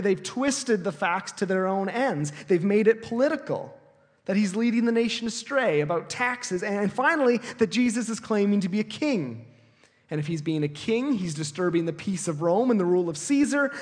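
A man preaching a sermon, explaining the story in a lively, animated way and correcting himself as he goes. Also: high-pitched. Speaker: pastor. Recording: long reverb of a hall.

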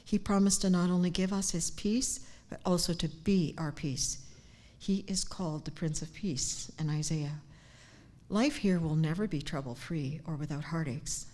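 An older woman giving a heartfelt personal devotion, earnest and sincere, sometimes dropping to a hushed near-whisper. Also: sits low, normal speed. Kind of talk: personal devotional talk with scripture. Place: church gathering, speaking standing up.

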